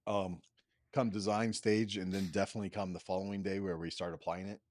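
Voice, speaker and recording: A man's voice: low-pitched, flat delivery, brisk, a little mellow, no room sound. A man co-hosting a business podcast, chatting casually and teasing his co-host. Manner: playful, teasing banter. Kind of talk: casual chat.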